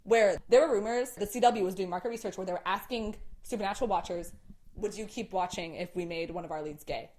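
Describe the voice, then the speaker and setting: A young woman hosting a casual chat, animated, swearing and packing her talk with "like". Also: medium pitch, fast. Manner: animated, swearing, many "like" fillers. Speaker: host.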